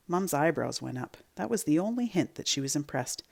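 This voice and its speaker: A woman teacher reading a children's chapter book aloud with expressive storytelling. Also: low voice, a little fast, creaky, slightly rough.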